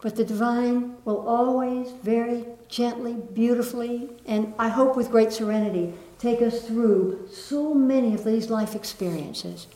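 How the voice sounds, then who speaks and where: A woman giving a gentle spiritual talk to a live audience, lilting and laughing softly. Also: a little high, unhurried, hardly any pauses. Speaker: spiritual teacher. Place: room with an audience. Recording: echoey room.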